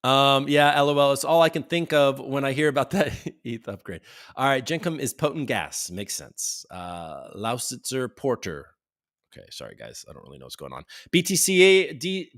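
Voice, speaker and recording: Reading incoming viewer comments out loud, a man hosts a relaxed livestream, rambling casually and dropping the occasional curse. His voice is medium-pitched with a slightly bright quality.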